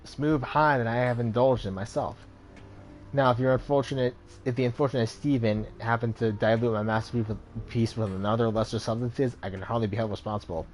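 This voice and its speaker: A man's voice: mid-range voice, fairly even intonation, brisk, darkish tone, soft background music, close to an everyday voice. A man voicing a smug, suave male street dealer in a video game, speaking in a cool, evasive way.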